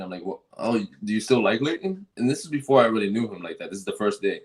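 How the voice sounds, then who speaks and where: A man's voice: lowish voice, animated, fast talker, few pauses, low-quality recording. A man telling a workplace story in casual chat, rambling with many fillers and restarts and swearing freely. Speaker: fragrance store worker.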